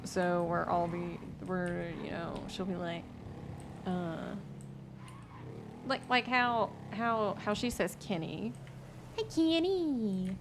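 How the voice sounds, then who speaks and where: Young woman streamer from the American South, low gravelly voice, unhurried rambling delivery, noisy audio. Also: steady tone. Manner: rambling, lots of fillers and restarts. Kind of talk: casual stream chat.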